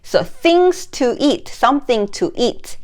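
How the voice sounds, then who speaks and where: A woman teaching a grammar lesson, explaining slowly in English and reading example sentences quickly. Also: high-pitched, big pitch swings, a little mellow. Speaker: Korean language teacher.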